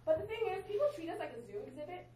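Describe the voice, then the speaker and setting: A woman's voice: very high-pitched, big pitch swings, racing, dark tone. A young woman telling a rambling, giggly story on stage in an improv show, recorded by an amateur camera in the audience. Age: young adult. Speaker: improv performer. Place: stage in a theater. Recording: echoey hall, camera noise.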